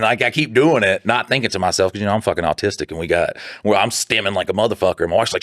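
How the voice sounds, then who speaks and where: A man co-hosting a podcast, telling a story in casual chat, animated and swearing freely, acting out what other people said. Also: on the low side, racing, hardly any pauses, no room sound, clean studio sound. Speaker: podcast co-host.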